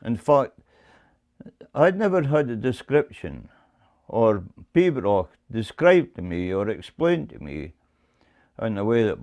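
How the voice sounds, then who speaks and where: A man teaching bagpipe music, explaining in a measured way and often repeating words as he goes. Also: medium pitch, big pitch swings, darkish tone. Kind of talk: explaining to camera.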